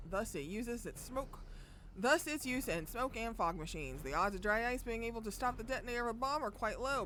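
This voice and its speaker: A young woman streaming a visual novel, reading the text aloud and breaking into loud, sweary outbursts. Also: mid-range voice, slight background noise. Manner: loud, excitable outbursts and swearing between calm narration.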